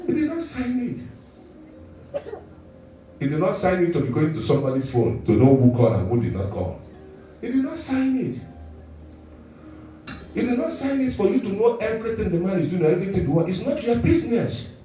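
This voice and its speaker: A man preaching with a lively, swooping delivery that often breaks into chuckles. His voice sits a bit high for a man. It rings through a very echoey church hall, picked up from a distance. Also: fast talker, a little hiss or hum. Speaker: pastor. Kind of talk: sermon.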